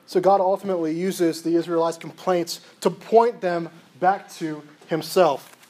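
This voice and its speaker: Guy with a high voice preaching, reads bible verses then asks questions and answers them himself. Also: steady tone, measured pace, a little mellow, low-quality recording. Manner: reads verses aloud between plain explanation. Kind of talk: expository sermon reading scripture.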